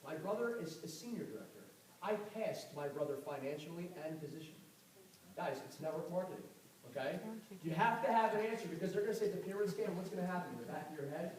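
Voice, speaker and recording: A man giving a fast, animated motivational talk on network marketing to a live audience, telling stories with a confrontational edge. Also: a little high. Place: event hall with audience. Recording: echoey room, far mic, audible noise.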